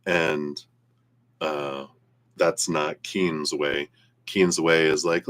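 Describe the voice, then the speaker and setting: A man's voice: rumbling low, little pitch movement, very slow, a bit bright. A man giving a casual live-stream tarot reading, rambling and laughing easily. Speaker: tarot reader.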